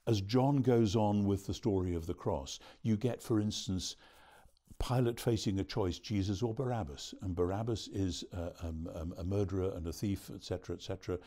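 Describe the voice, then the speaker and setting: A man being interviewed as a theologian, answering at length in a measured, explanatory way. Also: on the low side, mellow. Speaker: theologian guest.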